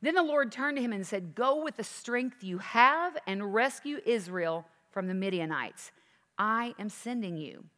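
A woman's voice: mid-range voice, lively intonation, unhurried, sharp tone, big-room sound. A woman teaching a sermon, reading scripture aloud and then explaining it with questions to the listeners. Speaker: Bible teacher.

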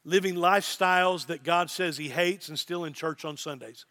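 A man's voice: on the high side, normal speed, pushed and bright. A middle-aged man, a pastor, preaching a sermon with emphasis and repeated phrases.

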